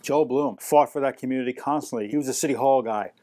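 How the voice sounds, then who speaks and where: A man telling animated anecdotes in an interview, mimicking the people he quotes. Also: mid-range voice, fast talker. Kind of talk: storytelling interview.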